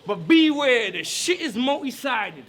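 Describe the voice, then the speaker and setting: A battle rapper with a very high, bright and forceful voice, firing off aggressive, taunting bars. He delivers them slowly and deliberately, shouting his punchlines in an indoor event hall. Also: big pitch swings. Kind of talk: live rap battle verses.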